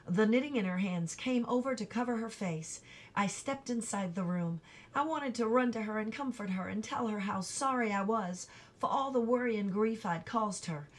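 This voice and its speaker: A woman reading a chapter of a novel aloud in an even, unhurried storytelling manner. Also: mid-range voice. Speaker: audiobook reader.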